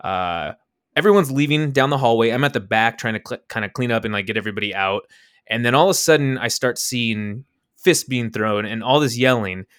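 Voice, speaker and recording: Clean, dry studio audio captures a young podcast co-host telling a casual story in a brisk, smooth voice. He's animated, voicing the quotes with big jumps in pitch.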